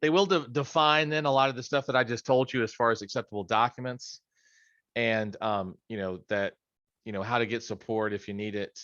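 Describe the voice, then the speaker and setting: A man's voice: mid-range voice, fairly quick, a bit bright, no room sound, muffled recording. A middle-aged man leading a study session on a video call from his home office, in a casual, rambling way with joking asides. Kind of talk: casual training talk.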